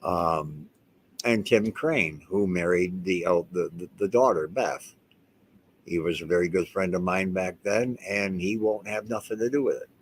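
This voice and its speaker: A man with a fairly low voice talks straight to the camera in a loose, rambling way. He leans hard on his points and keeps doubling back to restart his sentences. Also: measured pace, slight background noise. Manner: rambling and emphatic, with many restarts. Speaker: house owner and vlogger. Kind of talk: casual talk to camera.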